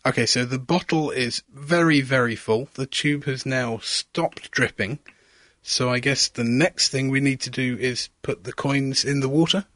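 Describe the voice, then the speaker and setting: A man hosts a hands-on science demonstration, asking leading questions and talking through every step as it happens. His voice sits at an ordinary pitch and sounds close and dry, with no room around it. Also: unhurried, a bit bright, no echo. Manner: curious, asks leading questions, narrates each step. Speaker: radio science show presenter.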